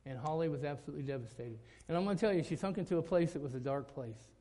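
A middle-aged man, a pastor preaching a sermon, telling a story that climbs to loud, emphatic peaks. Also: on the high side, rapid-fire.

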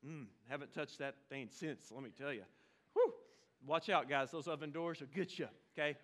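A man's voice: on the high side, normal speed, fairly bright tone. A man, preaching a sermon as pastor, telling a humorous, self-deprecating story and joking with the congregation. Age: 40s. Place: church sanctuary.

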